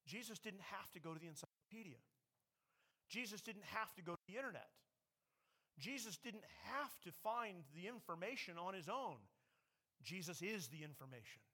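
A man preaching a sermon from the pulpit of a church, earnest and conversational, slowing down and suddenly pushing loud to stress a point. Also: high-pitched, animated, slightly rough. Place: church sanctuary.

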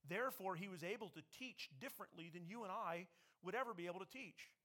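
A man preaching a sermon from the pulpit of a church, earnest and conversational, slowing down and suddenly pushing loud to stress a point. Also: high-pitched. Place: church sanctuary.

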